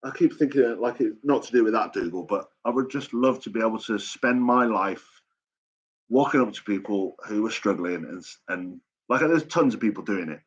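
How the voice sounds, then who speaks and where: A man's voice: fairly low pitch, expressive, normal speed, husky. A man hosting a live chat stream, talking casually in a blunt, sweary and rambling way. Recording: dull lo-fi stream audio.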